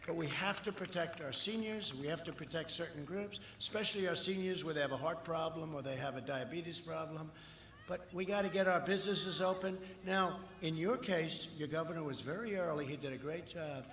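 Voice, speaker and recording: Brisk and on the high side, with a fairly bright tone, this older man campaigning at a large outdoor rally rambles, repeats points, and makes mocking asides. He is in his seventies. The rally audio carries long echoing reverb and a faint hiss.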